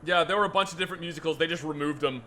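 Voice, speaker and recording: A man's voice: a little high, racing, bright, forceful tone, slight background noise. A man co-hosting a gaming video, chatting casually in a rambling, self-amused way with plenty of fillers. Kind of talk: casual chat while gaming.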